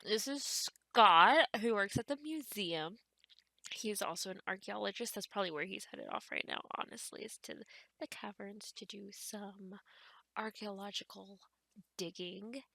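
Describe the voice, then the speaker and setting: A woman narrates her game casually, rambling and thinking aloud as she plays. Her voice is bright and forward, with a strong gravelly fry. The recording is close and dry, with no room sound. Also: mid-range voice, measured pace, dry recording. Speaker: gaming channel host. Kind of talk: casual let's-play commentary.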